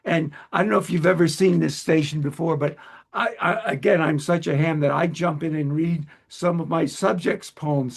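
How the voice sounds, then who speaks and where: Gravelly, husky man hosting an interview. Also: fairly high pitch. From Long Island, United States. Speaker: host. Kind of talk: conversational interview.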